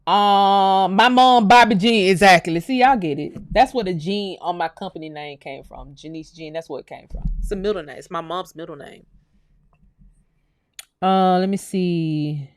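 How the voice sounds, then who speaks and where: Her voice sits on the low side and moves at a moderate pace, with no room sound and clean studio quality. This American woman runs a casual livestream, reading comments aloud and responding bluntly and animatedly, cursing a lot and addressing viewers as "y'all."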